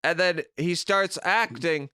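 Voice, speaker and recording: A man's voice: on the high side, slow pace, pushed and bright, clear, resonant tone, no room sound, clean studio sound. A man co-hosting a podcast remotely, giving opinionated, profane rants in casual chat. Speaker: podcast co-host. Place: remote recording.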